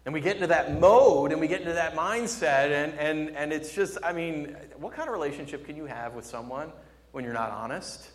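A male pastor preaching a sermon with impassioned delivery, swinging between loud emphasis and hushed, tender tones. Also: on the high side, a little fast, long reverb tail.

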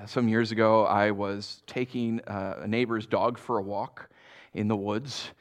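A man's voice: fairly low pitch, steady tone, measured pace. A man, a pastor, giving a casual, conversational sermon to a congregation. He chuckles often and keeps checking in with "right?".

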